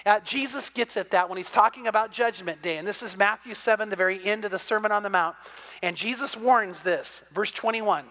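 Guy preaching a sermon, really high pitched and bright, acts out little back-and-forth scenes. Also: a little fast. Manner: animated preaching, acting out dialogue. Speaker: pastor.

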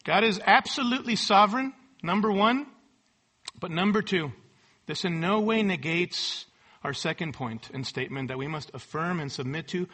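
A man preaching a sermon, quoting scripture with emphatic rising force and dropping low at the ends of thoughts. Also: expressive, moderate pace, sharp tone.

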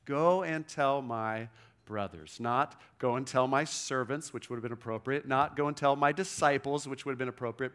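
A man's voice: mid-range voice, normal speed, a bit bright. A man preaching a sermon in a conversational way, often checking in with the listeners and quoting scripture with emphasis. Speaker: pastor.

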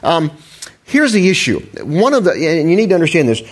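A man's voice: on the high side, big pitch swings, a little fast. A man preaching a conversational sermon, with frequent restarts, asides and questions to the congregation. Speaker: pastor.

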